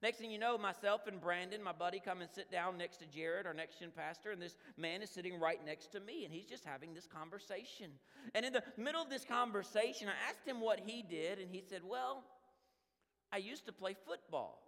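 Bright-voiced pastor preaching in a reverberant church. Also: male voice, high voice, a little fast. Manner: animated storytelling with frequent "man" and restarts. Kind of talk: conversational sermon. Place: church sanctuary. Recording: long hall reverb in a church.

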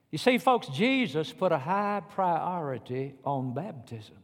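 A man's voice: a little high, lively intonation, unhurried, few pauses, in a large hall. A man preaching a sermon in a church, folksy and emphatic, speaking directly to the congregation. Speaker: pastor.

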